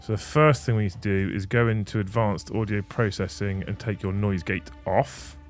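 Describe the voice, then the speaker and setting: A livestream host with a fairly low voice chats casually at normal speed, swearing freely while he fixes his audio settings. He uses a studio mic on a desk mixer, and soft music plays in the background.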